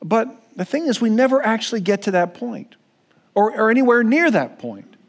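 Pastor, man, higher-pitched, preaching a sermon in an earnest, conversational way. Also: big pitch swings, moderate pace. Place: church.

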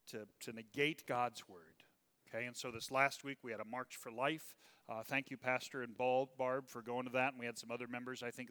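A man's voice: medium pitch, sharp tone, clean tone. A male pastor giving a sermon, emphatic, drawing out key words, with chuckling asides, in a church. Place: church sanctuary. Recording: long reverb from a church hall.

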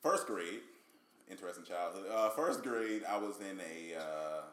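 Animated young man telling stories. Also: low-pitched, unhurried, echoey room. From North Carolina, US. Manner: jokey, acts out voices in his stories, lively. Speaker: comedian guest. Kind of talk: animated storytelling in a casual interview.

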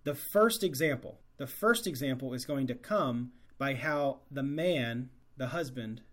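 A man's voice: medium pitch, unhurried, a bit bright. A man hosting a Catholic show, reflecting earnestly on scripture and urging fathers with rhetorical questions.

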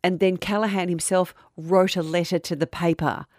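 Low-voiced woman telling a crime story. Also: moderate pace, no echo, clean studio sound. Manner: conversational, relaxed storytelling with fillers. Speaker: true crime podcast host. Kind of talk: casual storytelling chat.

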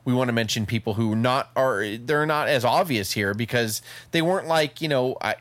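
A man's voice: medium pitch, normal speed, fairly bright tone, no room sound. A man hosting a casual podcast, rambling with restarts and playful asides. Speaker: podcast host.

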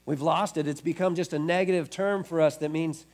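A man's voice: a little high, fairly even intonation, fairly quick, few pauses, a little mellow. A male pastor preaching a sermon in a conversational way, often restarting his words.

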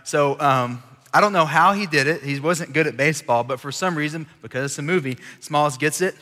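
Bright-voiced preacher in a hall. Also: male voice, on the high side, fairly quick. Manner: animated, chatty, audience-engaging. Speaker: college ministry preacher. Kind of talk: casual sermon with storytelling. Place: large church hall. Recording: long reverb in a large hall.

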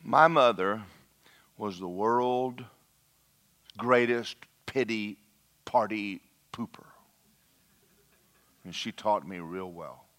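A man preaching a lively, conversational sermon and talking straight to his congregation. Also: fairly low pitch, slow, pauses often.

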